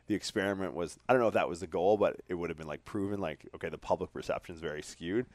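A man's voice: fairly low pitch, fast talker, hardly any pauses, dry recording. A man, hosting a podcast and telling rambling, profane stories in casual chat. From Canada. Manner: profane, rambling, energetic storytelling. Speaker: podcast host.

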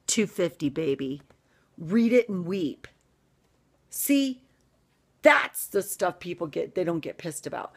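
A middle-aged American woman delivering a fired-up vlog rant, emphatic and swinging between loud punches and hushed asides. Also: medium pitch, gravelly. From United States. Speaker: vlogger. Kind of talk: ranting vlog monologue.

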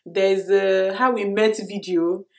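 A woman's voice: mid-range voice, slow pace. Chatty Nigerian woman vlogging. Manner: chatty and expressive, laughs often, many fillers. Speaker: vlogger answering viewer questions. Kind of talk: casual Q&A vlog.

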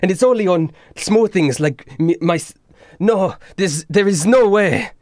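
A man voicing a young male French-accented mage, frantic and raised in pitch. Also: measured pace, a little mellow, dry recording, clean studio sound. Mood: desperate. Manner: high, frantic. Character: young male time-bending mage, panicked.

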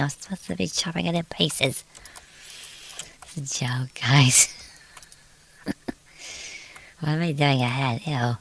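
A woman from Britain streams a game with slow, creaky speech in a bass voice that's a bit bright, leaving long pauses. She chats casually, lets out exclamations, and mutters to herself as she plays.

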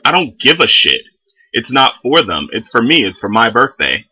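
A young man telling a story in a casual vlog, animated and full of swearing. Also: mid-range voice, normal speed, slightly rough, poor audio. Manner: animated, heavy swearing, lots of fillers. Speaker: vlogger.

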